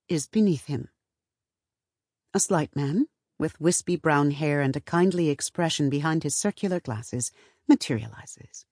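A woman reading a first-person novel as audiobook narration, in a measured, even storytelling manner. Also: low voice, dry recording, studio quality.

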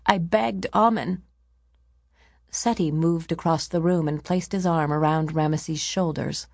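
A woman narrating an audiobook in a measured storytelling manner. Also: deep voice, level tone, darkish tone.

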